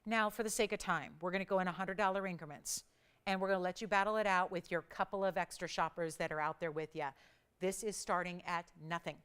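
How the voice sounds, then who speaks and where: A woman hosting a live shopping channel, calling out bids in an energetic, chatty auction patter. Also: medium pitch, clean tone. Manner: energetic, rapid bid calling; playful, chatty. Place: TV studio.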